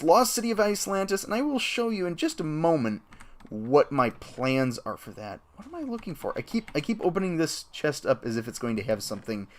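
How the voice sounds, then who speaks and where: A man talking casually over a game stream as the host, rambling and chatty, with excited jumps in pitch. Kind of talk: casual gameplay commentary.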